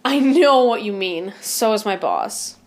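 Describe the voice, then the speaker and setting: A woman's voice: mid-range voice, lively intonation, a little slow, lightly acted. An actress playing a flustered young female wardrobe assistant who stumbles over her words. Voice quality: flustered, apologetic.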